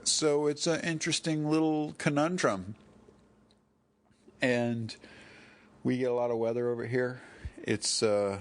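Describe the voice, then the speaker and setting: A man's voice: mid-range voice, fairly even intonation, measured pace, long pauses. A man hosting a solo podcast, talking in a rambling, digressive way, correcting himself and drifting off topic. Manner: digressive, self-correcting, chuckling asides. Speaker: podcast host.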